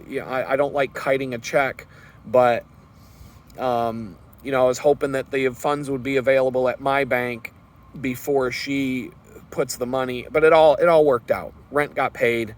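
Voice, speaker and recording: Earnest rambling man telling a story. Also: medium pitch. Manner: earnest, rambling, with many fillers and restarts. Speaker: vlogger. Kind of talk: personal storytelling monologue.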